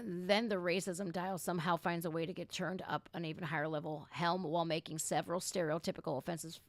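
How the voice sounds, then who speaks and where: A woman's voice: on the low side, dry recording. Blunt sarcastic woman livestream host. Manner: blunt, sarcastic, swears freely. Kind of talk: reaction commentary. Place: at home.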